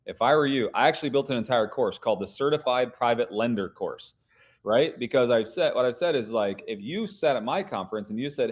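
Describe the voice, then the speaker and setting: A man's voice: mid-range voice, expressive, quick pace, breathy edge. A man talking as a podcast guest, explaining business ideas in an emphatic, teaching way. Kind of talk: casual interview talk.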